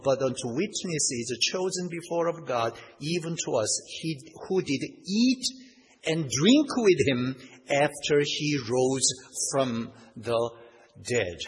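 A man preaching a sermon, reading scripture aloud and punching key points with rising force. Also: breathy edge. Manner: emphatic, rises in pitch and volume on key points; reads scripture in old-fashioned wording. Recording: long hall reverb, faint background noise.

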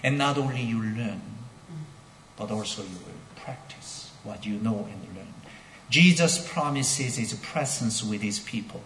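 A man preaching a sermon as pastor, speaking deliberately and building to emphatic declarations with repeated phrases. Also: on the low side, animated, fairly bright tone, slight background noise. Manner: slow, deliberate delivery with repetitions. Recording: echoey hall with long reverb.

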